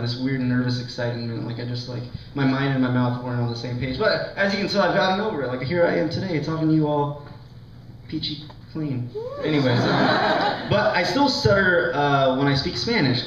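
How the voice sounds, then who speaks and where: A man's voice: on the high side, a little hiss or hum. A young man doing a stand-up set, rambling with lots of likes and ums and poking fun at himself. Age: young adult. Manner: rambling, full of likes and ums, self-mocking. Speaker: stand-up comedian. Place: college lounge with a laughing audience. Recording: echoey lounge, distant, dull lo-fi sound.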